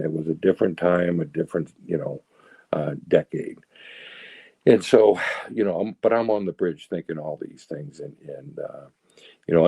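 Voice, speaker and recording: An older man from south of Boston tells a hard-won story in a deep, gravelly voice with a husky edge. He talks earnestly and loosely, circling back with "right?" as he goes. The sound is close and dry, with no room around it. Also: warm tone, no echo. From south of Boston, USA. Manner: rambling, earnest, frequent "right?" and "you know". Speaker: guest sharing recovery story. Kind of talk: storytelling, candid testimony.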